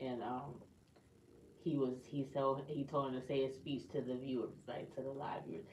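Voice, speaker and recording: A woman's voice: rumbling low, little pitch movement, normal speed, darkish tone, recorded from a distance, slight background noise. A woman co-host in a casual group chat, retelling a story in a rambling way with many ums. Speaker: podcast co-host. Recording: roomy sound from off-mic.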